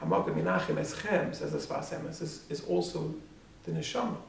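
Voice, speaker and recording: Rabbi's sermon, male, higher-pitched and gravelly, animated, rhetorical; echoey room, away from mic. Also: brisk, recorded from a distance, a little hiss or hum. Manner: animated, rhetorical questions, swings from loud to hushed. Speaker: rabbi teaching at a yeshiva.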